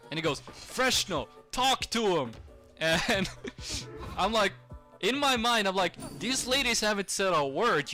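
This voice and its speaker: A young man streamer telling a rambling, animated story to his chat, laughing often. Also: fairly high pitch. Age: young adult.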